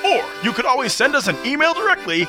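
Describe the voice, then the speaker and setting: Cheery guy reading the podcast outro, high sing-song voice, music bed clear behind. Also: very animated, fast talker. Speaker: podcast announcer. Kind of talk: read outro announcement.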